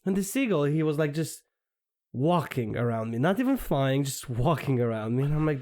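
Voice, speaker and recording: A young man with a slightly higher voice cracks jokes and spins playful stories in a relaxed podcast chat. He often laughs through his own punchlines. His tone is loose and informal. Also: brisk. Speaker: podcast co-host. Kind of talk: casual banter.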